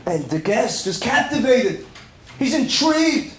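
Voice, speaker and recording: A rabbi tells a sermon story with animated delivery and breaks into bits of melody. His voice sits high. It echoes around a room with a faint ambient hum behind it. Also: measured pace. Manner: animated, sings snatches of melody.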